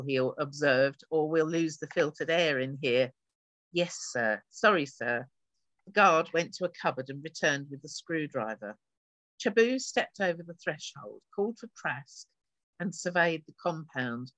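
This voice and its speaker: An author reads aloud from her own science fiction novel at medium pitch and normal speed, changing her voice slightly for each character. Her sound is bright and forward, recorded dry and close with no room echo.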